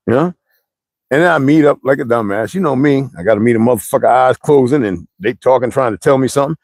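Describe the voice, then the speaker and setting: A man's voice: mid-range voice, quick pace, darkish tone, dry recording. A man, telling rambling stories in a blunt, profane monologue to his viewers, heavy with slang. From United States. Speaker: streamer ranting to viewers.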